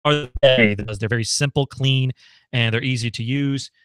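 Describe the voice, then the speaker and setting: A man's voice: medium pitch, steady tone, normal speed, fairly bright tone, clear, resonant tone. An American man from home hosting a casual live Q&A stream, chatty and thinking aloud with frequent ums and laughs. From United States. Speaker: livestream host.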